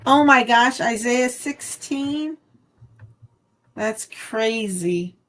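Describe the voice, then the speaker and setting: A woman's voice: animated, drawn-out words, a bit bright, rough recording. A woman hosting a casual craft live stream from home, chatty and friendly. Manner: chatty, breaks into high baby talk with her dog. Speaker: craft channel host.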